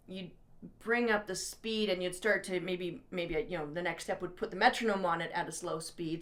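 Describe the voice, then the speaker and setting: A woman teaching trumpet in an instructional video, coaching encouragingly with breath cues and demonstrations. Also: fairly low pitch.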